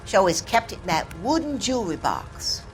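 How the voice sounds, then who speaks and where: A woman's voice: medium pitch, very animated, fairly quick, faint music behind, lightly acted, low-quality recording. An actress voicing a defensive, evasive landlady with a Southern US accent in a video game. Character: southern landlady, defensive, guarding her reputation.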